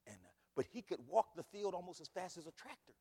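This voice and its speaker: A man preaching a sermon as pastor, repeating phrases and swinging from loud bursts to quiet asides. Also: sits high, expressive, fast talker, vocal fry, husky, big-room sound. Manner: emphatic, repetitive preaching with big swings in loudness. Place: church.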